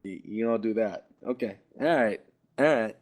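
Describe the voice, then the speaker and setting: Young male co-host, slightly low voice, easygoing and teasing in casual chat. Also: moderate pace, a little mellow. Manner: laid-back, agreeable, teasing. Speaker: podcast co-host.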